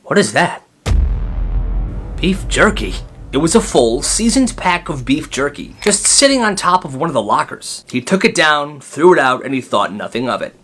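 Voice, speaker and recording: A young man narrating storytime clips in a chatty, animated way, with quick asides to the listener. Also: fairly high pitch, faint music behind. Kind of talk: storytime narration for short videos.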